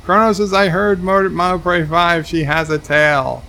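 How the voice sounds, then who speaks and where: Gravelly man reading out stream chat. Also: high voice, fairly even intonation, a little slow, pushed and bright. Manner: reads chat aloud, dry asides. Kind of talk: casual livestream commentary.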